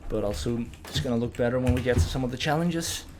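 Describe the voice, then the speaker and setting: A man giving casual gameplay commentary as a channel host, thinking aloud, getting excited and swearing now and then. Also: medium pitch, quick pace, background noise.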